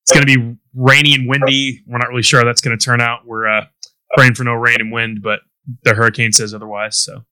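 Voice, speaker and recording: Relaxed dude co-hosting, bright sharp tone, super dry close mic. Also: male voice, medium pitch, fairly quick, smooth, no echo, rough recording. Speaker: co-host. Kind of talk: casual chat.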